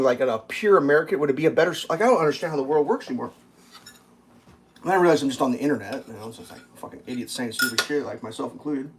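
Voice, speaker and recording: A man's voice: fairly high pitch, quick pace, a little hiss or hum. Rambling, foul-mouthed man ranting casually. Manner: rambling and profane, with many fillers. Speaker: channel host. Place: at a breakfast table.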